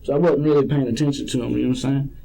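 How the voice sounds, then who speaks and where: A man's voice: mid-range voice, steady tone, very fast, creaky, warm tone, low-quality recording. A man being questioned by police, rambling and hesitant, often repeating himself. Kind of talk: police interrogation.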